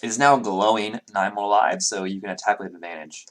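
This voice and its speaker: A man's voice: fairly low pitch, brisk, a bit bright. A man narrating as game master in a tabletop game, loose and chatty as he counts out the moves.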